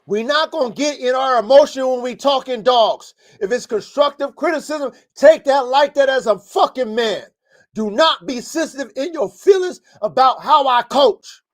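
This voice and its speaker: Man, high voice, blunt, profane, fired-up, coaching rant, live podcast host. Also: animated, normal speed, a bit bright. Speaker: host and dog-breeding coach. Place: home studio, live stream.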